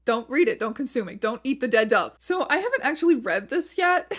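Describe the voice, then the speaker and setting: Lady reading weird posts for a commentary video, kinda high voice, wry and disbelieving. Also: sing-song, a little fast. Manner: wry, incredulous asides. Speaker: video essay host.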